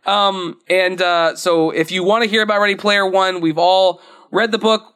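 A man's voice: high-pitched, fairly even intonation, normal speed, fairly bright tone, clean tone. A young man co-hosting a podcast, chatting casually and rambling with frequent laughs. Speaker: podcast co-host. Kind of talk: casual chat.

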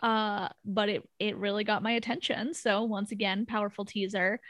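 A woman co-hosting a podcast, giving opinionated casual analysis of a TV pilot and talking in quick bursts. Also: mid-range voice, level tone, a bit bright, slight background noise. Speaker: podcast co-host.

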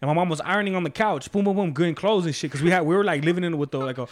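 Man, casual chat, rapid, slightly high voice, slangy, profane storyteller.

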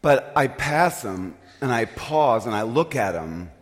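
A male pastor tells a story from the pulpit at an unhurried pace, his pitch swinging widely as he acts out his own embarrassment. His voice carries the long reverb of a large church hall, and his delivery is animated and self-mocking. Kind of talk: storytelling sermon.

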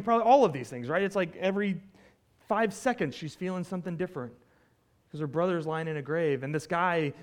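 A man preaching a conversational sermon, retelling a scripture story with animated asides and frequent "right?" check-ins. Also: on the high side. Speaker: pastor.

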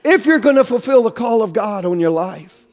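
A pastor preaching a sermon in church with fervent, rhythmic, sing-song delivery, urging the congregation on. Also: male voice, sits high, animated, normal speed.

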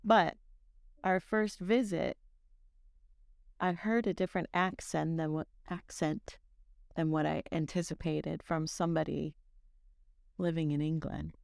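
A woman's voice: deep voice, fairly even intonation, a little slow, vocal fry, pauses often, darkish tone, no room sound, clean studio sound. A woman co-hosting a podcast, chatting and bantering playfully. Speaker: co-host. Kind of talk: podcast chat.

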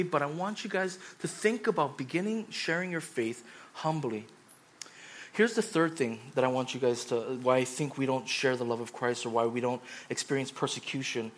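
A man in his thirties, a pastor giving a sermon, telling stories in a chatty way and rising to loud urgent pleading. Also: fairly high pitch. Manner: conversational preaching, swings from quiet storytelling to loud urgent pleading.

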